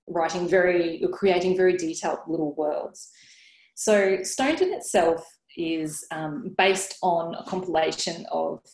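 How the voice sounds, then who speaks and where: Woman author from Australia, chatty webinar talk, low voice, roomy echo. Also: a little mellow. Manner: chatty, with many fillers and restarts. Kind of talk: book talk on a library webinar. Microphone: video call.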